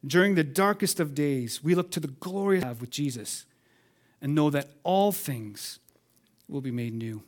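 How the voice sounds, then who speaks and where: In an animated sermon at a moderate pace, a fairly high-voiced male pastor swings between emphatic shouts and quiet passages. He repeatedly urges the congregation to answer back.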